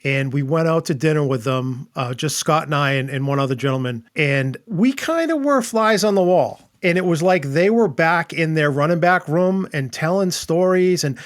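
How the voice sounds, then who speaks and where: Higher-voiced man recalling earnestly. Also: animated, moderate pace, few pauses, no room sound, clean studio sound. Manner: earnest, stumbles and restarts as he recalls. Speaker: podcast guest. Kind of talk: casual chat.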